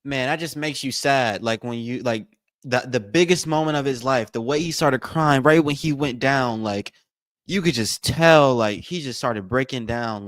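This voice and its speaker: A man with a mid-range, fairly bright voice hosts a live watch party stream at a normal speed, recorded clean in a studio with no room sound. He gives loose play-by-play and talks straight to his viewers, casual and repetitive, calling them y'all.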